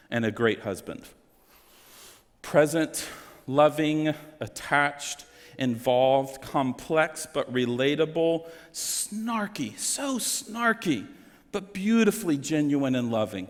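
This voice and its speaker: A man pastor delivering a sermon, earnest and emotional, with sweeping rises and falls in his delivery. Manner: emotional, earnest preaching with dramatic swings in pitch. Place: church sanctuary. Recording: long hall reverb.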